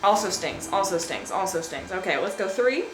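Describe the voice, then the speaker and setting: A woman's voice: mid-range voice, lively intonation, moderate pace, music in the background. Chatty woman vlogging in an echoey room. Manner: playful, giggly, dramatic about pain. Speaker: lifestyle vlogger. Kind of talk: casual chatty vlog. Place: at home.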